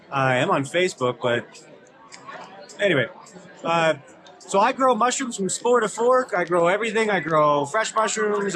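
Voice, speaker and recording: Brief: high-pitched man, relaxed vendor chat, loud crowd chatter behind. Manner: relaxed, listing things with fillers. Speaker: mushroom farmer vendor. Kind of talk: casual interview. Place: outdoor expo booth.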